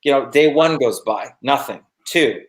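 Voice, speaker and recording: A man's voice: mid-range voice, lively intonation, a little slow. A man hosting a motivational interview as a business coach, emphatic and fond of repeating words for effect.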